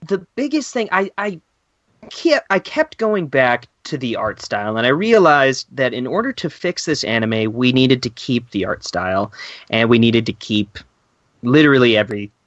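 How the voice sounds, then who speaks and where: A man's voice: medium pitch, sing-song, normal speed, a bit bright, no echo, lo-fi sound. A man co-hosting a casual podcast, emphatic and laughing often, swearing when he gets worked up. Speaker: podcast co-host.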